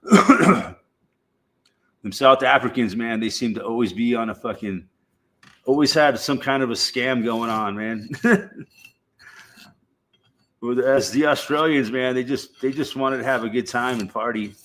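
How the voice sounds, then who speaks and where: This is a middle-aged American man hosting a livestream, his medium-pitched voice a little bright. The conversation wanders casually as he cusses, laughs between ideas, and speaks in a slow, drawn-out way.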